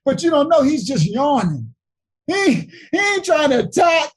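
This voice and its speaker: A man with leading a livestream Bible study, preaching in an animated, emphatic way straight to his viewers. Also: extremely high pitch, a little slow, low-quality recording.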